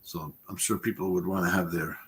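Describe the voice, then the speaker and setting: A man's voice: low-pitched, steady tone, fairly quick, fairly bright tone. A man chatting casually on a live stream, easygoing and teasing, laughing often. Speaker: guest co-host.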